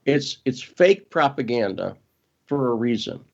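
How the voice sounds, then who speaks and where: A man speaking as a guest, pressing his points quickly and stopping to correct himself mid-thought. His voice sits at an ordinary pitch. The sound is muffled and lo-fi, like call audio. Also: big pitch swings, creaky. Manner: emphatic, quick, often restarts and corrects himself. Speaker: interview guest. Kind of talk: casual interview talk.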